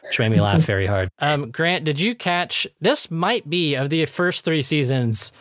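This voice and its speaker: A man's voice: fairly high pitch, animated, measured pace, a bit bright, no echo, clean studio sound. A man hosting a podcast in casual chat, chatty with many fillers and frequent laughs. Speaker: podcast host reviewing episodes.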